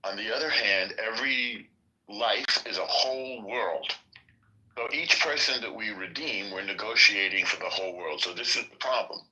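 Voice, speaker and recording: Male podcast host, measured and emphatic, lowish voice with a bright sharp edge. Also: low-quality recording. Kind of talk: casual political discussion.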